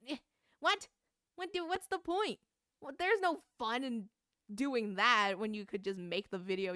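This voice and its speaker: Bright ranting young woman streamer. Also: mid-range voice, no room sound, clean studio sound. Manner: ranting, swearing, quick laughs. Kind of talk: casual gaming stream chat.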